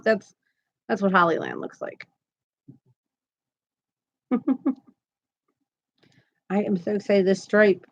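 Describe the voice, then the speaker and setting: A woman's voice: medium pitch, dull audio. A woman in her thirties hosting a live crochet stream from home, chatty and giggly as she reads viewer comments aloud. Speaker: crochet channel host. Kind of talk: casual live-stream chat.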